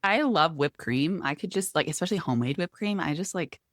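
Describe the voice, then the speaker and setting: A woman co-hosting a podcast in casual chat, relaxed and thinking aloud. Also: sits low, brisk, no echo, clean studio sound. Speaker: podcast co-host.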